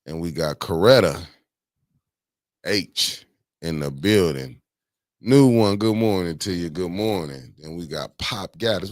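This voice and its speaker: Low-voiced dude doing shoutouts on his morning stream, chill and slangy, dry sound. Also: no room sound. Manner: laid-back, slangy, repeats catchphrases. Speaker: livestream morning show host. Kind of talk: casual livestream chat greeting viewers.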